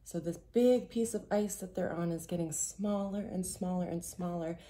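A woman reading a picture book aloud to children, gently explaining as she goes and asking them questions. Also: fairly low pitch. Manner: gentle, slow storytelling, speaking directly to children.

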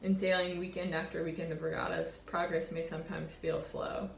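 A woman in her twenties, a college sailor, telling a reflective personal story in an earnest, warm way. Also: on the low side, flat delivery, brisk, vocal fry, echoey room, a little hiss or hum. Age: 20s. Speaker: college sailor and award winner.

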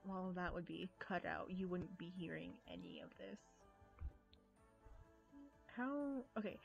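An American woman chatting casually while live streaming a game, giggly, rambling and quick to poke fun at herself. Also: medium pitch, creaky. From United States. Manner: giggly, rambling, self-mocking. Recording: dull lo-fi stream audio with faint music.

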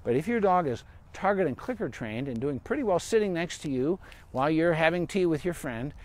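Brief: male vet, fairly high voice, rambling casual live Q&A in a park, lots of fillers. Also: expressive, brisk. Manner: chatty and rambling, with asides and fillers. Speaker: veterinarian giving dog training advice. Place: outdoors in a park.

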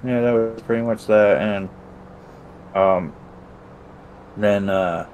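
A man's voice: lowish voice, takes it slowly, darkish tone, highs cut off, slight background noise. A man casually recounting a roleplay session, acting out both sides of the conversation and swearing freely. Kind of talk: casual chat.

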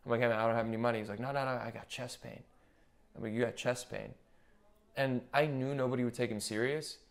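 A man's voice: medium pitch, fast talker, vocal fry. A young man, a podcast guest who works as a nurse anesthetist, telling stories in casual chat and acting out what others said. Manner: animated storyteller who quotes what others said.

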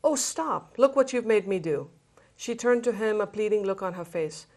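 Novelist woman reading with lively expression. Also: medium pitch, normal speed. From India. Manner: hesitant intro, then lively expressive reading. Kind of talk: reading fiction aloud to an interviewer.

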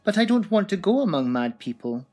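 A man's voice: big pitch swings, brisk, soft background music. A man doing an indignant young girl. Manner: high, loud protesting.

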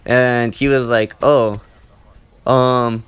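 A young man tells a story over gameplay in a loose, rambling, profane way, leaning on "like" and "you know" at every turn. His voice sits at an ordinary middle pitch. The sound is dry and close, with no room echo. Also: steady tone, extremely slow, a bit bright, clean tone. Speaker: gaming channel host.

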